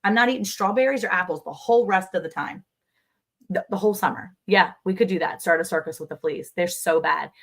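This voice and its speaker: A woman co-hosting a livestream, talking casually and telling stories in an animated, chatty way. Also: lowish voice, brisk. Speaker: livestream co-host. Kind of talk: casual chat.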